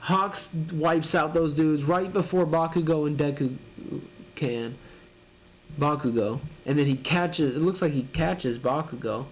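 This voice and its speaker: A man's voice: on the high side, measured pace. Chuckling man narrating comic panels. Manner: laughs often, narrates panels casually. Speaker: manga reaction host. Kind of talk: live reading and reaction.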